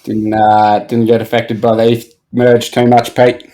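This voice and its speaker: A man's voice: mid-range voice, monotone, a little slow, warm tone. Man, podcast host, laid-back, swears a lot, laughs easily. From Australia. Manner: swears freely, laughs often. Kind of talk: casual podcast chat.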